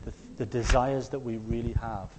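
A man's voice: mid-range voice, fairly even intonation, moderate pace, big-room sound, background noise. Conversational man preaching a sermon. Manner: conversational storytelling, acts out quotes, loud shouted lines.

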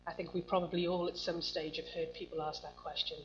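Reading scripture to her congregation, a woman asks the room questions in a conversational style as she preaches. She speaks fairly quickly in a low voice with a flat delivery, and the lo-fi recording is muffled with a faint hum.

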